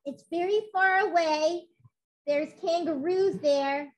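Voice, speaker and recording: A curious little girl puppet chatters in a very high, squeaky voice, put on by a woman. She sounds eager and giggly, with a bubbly bounce to every line. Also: takes it slowly. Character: cheerful curious young girl Muppet.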